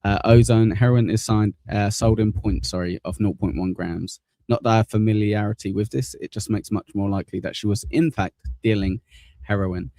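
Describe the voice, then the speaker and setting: A man's voice: fairly low pitch, fairly even intonation, normal speed, warm tone, no room sound. A man hosting a casual live stream, blunt and swearing, reading viewer messages aloud.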